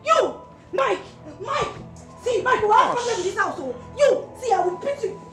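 A woman plays a jilted young ex-girlfriend, stammering and melodramatic, in a high voice with a gravelly edge. Music runs clearly behind her. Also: big pitch swings, moderate pace, heavily acted. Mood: defiant. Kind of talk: amateur drama acting.

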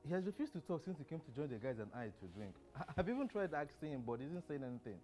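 An actor playing a polite young friend who speaks hesitantly and respectfully. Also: male voice, on the high side, big pitch swings, quick pace, a little mellow.

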